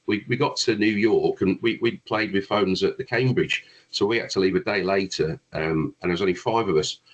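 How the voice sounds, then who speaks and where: A man's voice: fairly low pitch, dull audio. A man, a guest brass player, telling long rambling anecdotes in a casual chat, with frequent restarts.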